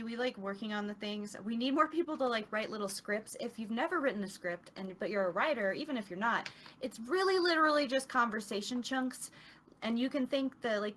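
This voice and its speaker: A woman chats casually as an interview guest, laughing easily as she talks. Her voice sits fairly high, and a faint background hiss runs underneath. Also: a bit bright. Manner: chatty, laughs often. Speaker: interview guest, online show producer. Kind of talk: casual chat.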